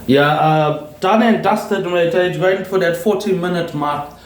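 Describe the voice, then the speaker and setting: A man rambling through a solo vlog monologue, repeating words and tagging his lines with a low "mate, eh". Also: unhurried, slight background noise. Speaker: vlogger. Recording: roomy echo.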